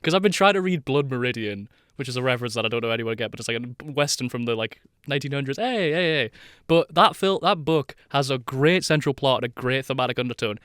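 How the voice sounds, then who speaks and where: A man's voice: mid-range voice, fast talker, hardly any pauses, fairly bright tone, smooth, dry recording, clean studio sound. A man co-hosting a podcast, swearing freely and laughing a lot in casual chat. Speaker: podcast co-host.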